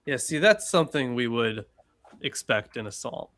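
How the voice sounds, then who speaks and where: A man's voice: mid-range voice, very animated, normal speed, fairly bright tone. A man hosting a podcast and chatting in a casual, rambling way with fillers.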